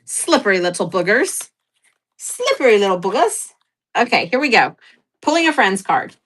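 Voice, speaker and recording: A woman's voice: medium pitch, very animated, normal speed, a bit bright. A woman hosting a casual livestream sale, chatting in a rambling, giggly, self-deprecating way with lots of fillers. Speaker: livestream seller host.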